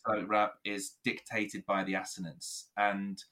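A man from England explaining rap rhyme in a relaxed conversational way, animated and playful, laughing easily. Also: on the low side, moderate pace.

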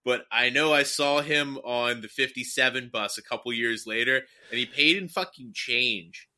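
Young man in his twenties, casual, profane, excitable, very bright sharp tone. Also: medium pitch, moderate pace. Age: young adult. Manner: loose, profane, excitable chatter. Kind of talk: casual storytelling chat.

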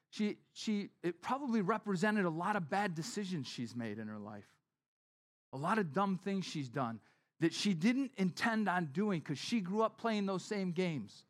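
A man preaching a sermon as pastor, talking conversationally and acting out the people in the story. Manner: conversational, acts out quotes with shifting pitch and volume.

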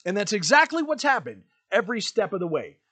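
A man's voice: high-pitched, sing-song, fairly quick, bright, forceful tone. A man hosting a podcast, delivering an emphatic, ranting monologue with lots of repetition. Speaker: podcast host.

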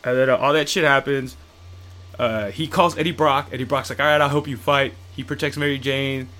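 A man's voice: mid-range voice, fairly even intonation, brisk, sharp tone. A man in casual chat, rambling and swearing as he retells comic storylines and acts out the characters' lines.

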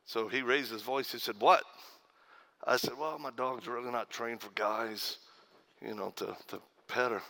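Bright-voiced man telling folksy stage stories. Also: medium pitch, fairly even intonation, normal speed. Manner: folksy storyteller, acts out quoted voices, laughs at own stories. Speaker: pastor. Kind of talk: humorous speech to a conference crowd. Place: conference stage.

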